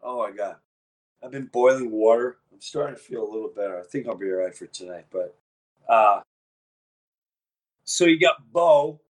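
A man hosting a podcast in casual chat, talking in a low-key, subdued way with a sore, worn-out throat. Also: moderate pace, long pauses. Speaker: podcast host.

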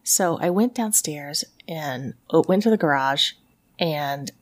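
A woman from Tennessee who hosts a ghost story podcast, telling a story in casual chat, animated and sweary with lots of "like". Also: low voice, slow.

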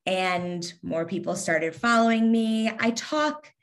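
A woman's voice: on the high side, takes it slowly. A woman in her thirties from Kentucky with a light Southern twang, talking casually as an interview guest in a sarcastic, witty way with lots of ums. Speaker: guest, Instagram influencer.

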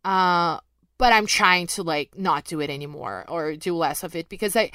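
A woman's voice: lowish voice, a bit bright, clear, resonant tone, no room sound. A young adult woman, an MMA journalist, answering listener questions in a candid, self-deprecating, chatty way. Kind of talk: casual chat, reading out questions.

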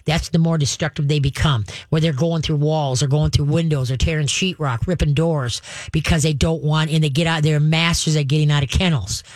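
A woman's voice: deep voice, steady tone, fairly quick, darkish tone, dry recording. A woman hosts a radio call-in show, giving dog-training advice in a casual, chatty way. She laughs often and acts out what the dog might be thinking. Her voice comes through a studio microphone with a dry, close sound.

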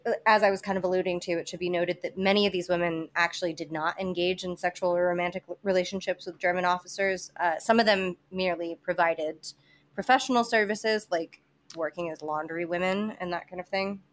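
A woman's voice: fairly low pitch, fairly even intonation, a little fast. A woman hosting a podcast, telling a history story in casual chat, with many fillers, restarts and some swearing. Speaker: podcast host presenting history.

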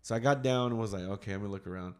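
A man's voice: on the low side, rapid-fire, darkish tone. A man, a father, chatting casually as co-host and telling a long story, acting out his own past thoughts and swearing now and then. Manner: rambling, acts out his own past thoughts with lots of "I was like".

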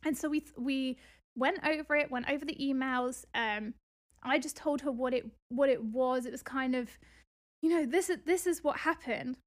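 A woman hosting a podcast, retelling a dispute in a casual, animated, indignant way with exasperated outbursts. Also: high voice, moderate pace. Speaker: podcast host and property investor.

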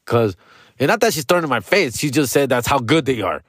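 A man's voice: medium pitch, sing-song, fairly quick, a bit bright, no room sound. A man talking casually to camera from his room, slangy and profane, calling his listener "dog" and "fool" and dropping into Spanish mid-sentence. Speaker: vlogger. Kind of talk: casual personal monologue.

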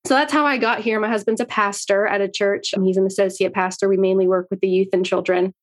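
A woman's voice: mid-range voice, fairly even intonation, fast talker. A woman in her thirties from Canada with a slight Southern US accent, a friendly interview guest who laughs easily and speaks wryly. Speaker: guest, real estate agent. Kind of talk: casual interview chat.

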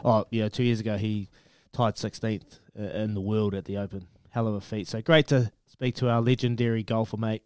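A man's voice: fairly low pitch, little pitch movement, brisk, a little mellow, smooth, no room sound, clean studio sound. A man with a New Zealand accent co-hosting breakfast radio in a laid-back way, often saying mate. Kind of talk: casual radio banter. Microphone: studio mic, dry.

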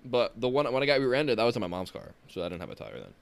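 A man's voice: mid-range voice, wildly swooping pitch, racing, gravelly. A young man co-hosting a podcast, talking bluntly and swearing casually, trailing off with "blah, blah". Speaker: podcast co-host. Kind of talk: casual chat.

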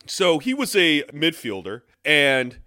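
A man with a fairly high voice that swings widely in pitch as he tells a story, laughing often and dropping the occasional curse. The sound is dry and close, with no room around it. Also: slow pace, no echo. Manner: animated, laughs often, swears casually. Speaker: podcast co-host. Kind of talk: casual chat.

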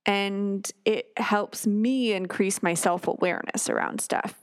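A woman's voice: medium pitch, a little slow, clean tone, dry recording. A woman hosting a parenting podcast, talking casually and acting out quoted lines with sighs and exclamations. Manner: warm storytelling, acts out quotes with sighs and exclamations. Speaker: podcast host. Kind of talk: casual solo podcast talk.

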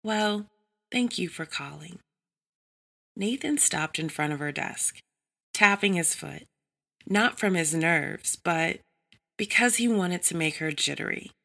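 A woman narrating an adult story in a measured, even reading style. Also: deep voice, vocal fry.

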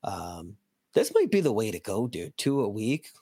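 A hoarse man with a lowish voice is hosting a casual podcast, his throat clearly wearing out. He rambles, swears freely and fills gaps with ums and you-knows. The recording is close and dry, with no room sound. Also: very animated, normal speed, dark tone, no echo. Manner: rambling, profane, many ums and restarts. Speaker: podcast host. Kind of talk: casual hockey prospect talk.

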